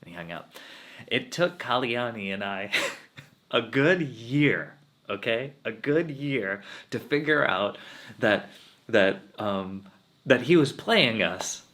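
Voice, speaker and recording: A man giving a spiritual talk as a swami, telling personal stories in a relaxed way with frequent laughter. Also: mid-range voice, slow.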